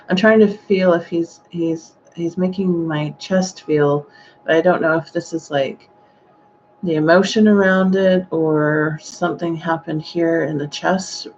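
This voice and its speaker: A woman giving a live-streamed psychic reading, speaking gently and hesitantly with frequent sighing exclamations. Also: on the low side, fairly even intonation, moderate pace, highs cut off, a little hiss or hum. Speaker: psychic medium.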